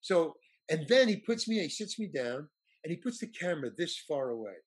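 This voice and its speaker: Animated husky man telling a story. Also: a little high, a little fast. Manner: animated, acts out quoted voices. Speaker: storyteller guest. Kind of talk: casual anecdote.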